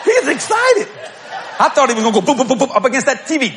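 A middle-aged man preaching a humorous storytelling sermon, acting out quotes and bursting into shouts and laughter. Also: extremely high pitch, very animated, quick pace, a crowd in the background, background noise.

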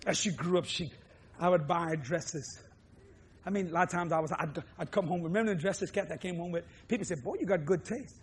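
A preacher from New Orleans with a Cajun accent, who shouts emphatic lines and drops low to chuckle through his stories. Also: a little fast, husky. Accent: Cajun, Louisiana. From New Orleans, Louisiana. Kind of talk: sermon with humorous storytelling.

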